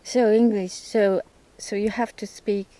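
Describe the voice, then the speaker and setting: A woman talks slowly in a mellow, relaxed voice. Her English is halting, and she pauses often to search for the right words. The conversation stays casual throughout. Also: mid-range voice, low-quality recording. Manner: hesitant non-native English, searching for words. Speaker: host, English learner. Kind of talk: casual chat.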